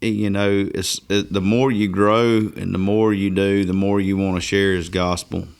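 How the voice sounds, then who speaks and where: A man hosting a podcast who talks casually in a halting, heartfelt way and often trails off. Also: low-pitched, level tone, creaky, clear, resonant tone. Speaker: podcast host. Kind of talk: casual conversation.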